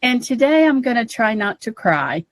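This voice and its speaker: A woman's voice: fairly high pitch, big pitch swings, moderate pace, dry recording. Emotional American woman co-hosting a podcast. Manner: emotional, near tears. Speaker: podcast co-host. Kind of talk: casual political chat.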